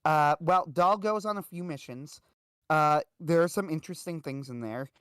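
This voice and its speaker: A man's voice: a little high, moderate pace, a bit bright, clean tone, dry recording, clean studio sound. A man hosting a livestream, telling a story in a casual, rambling way with lots of fillers. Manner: rambling, full of "uh" and "like". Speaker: livestream host.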